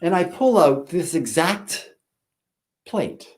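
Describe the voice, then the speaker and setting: A school principal giving a speech, telling a story with dramatic pauses. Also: male voice, a little high, animated.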